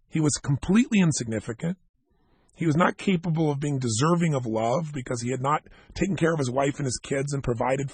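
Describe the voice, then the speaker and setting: A man giving a motivational seminar talk, telling a story to a live audience in an animated way and acting out the dialogue. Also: a little high, creaky, breathy edge, no echo. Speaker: motivational speaker.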